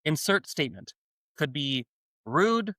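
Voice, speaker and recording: A man's voice: fairly high pitch, big pitch swings, slow pace, pushed and bright, no room sound. Talkative man hosting a podcast. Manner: talkative, gives long examples from personal experience. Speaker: podcast host. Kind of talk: casual conversation.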